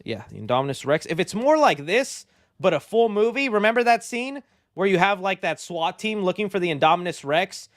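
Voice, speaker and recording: Excitable high-voiced man hosting movie news. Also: brisk, no echo, studio quality. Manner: excitable, slangy, rambling. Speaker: host of a movie news show. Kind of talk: casual movie news commentary.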